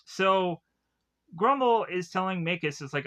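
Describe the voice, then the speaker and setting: A man's voice: on the high side, expressive, unhurried, pauses often, pushed and bright. A man recapping a cartoon episode in a casual, rambling way, full of filler words. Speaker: cartoon reviewer.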